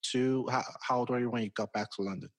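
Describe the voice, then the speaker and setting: An American host interviewing a guest in a relaxed way, asking hesitant questions full of fillers. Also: mid-range voice, fast talker. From United States. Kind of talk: casual interview conversation.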